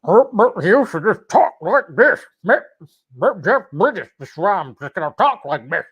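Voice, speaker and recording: A man's voice: high-pitched, very animated, normal speed, a bit bright, slightly rough, muffled recording, voice pushed up, full character voice. A man doing a drawling older movie star. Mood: teasing.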